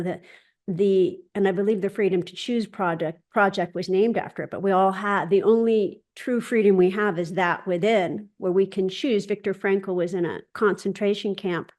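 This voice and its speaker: This woman runs a spiritual gathering by video call and shares a personal story in a relaxed, animated style, playing out other people's words as dialogue. Her voice is mid-range, and she often begins her sentences again.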